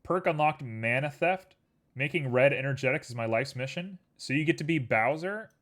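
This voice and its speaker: Man, streamer, casual chat, playful, rambling asides, middle pitch. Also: lively intonation, moderate pace, fairly bright tone. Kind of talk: casual chat while working.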